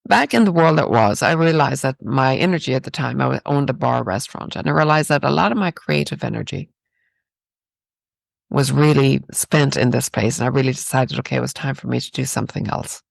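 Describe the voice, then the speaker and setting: A woman's voice: extremely low pitch, fairly quick, vocal fry, no echo. A woman from Ireland with an Irish accent, a podcast guest telling personal stories in a reflective, spiritual way. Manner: reflective and spiritual, with rhetorical "right?". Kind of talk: personal storytelling.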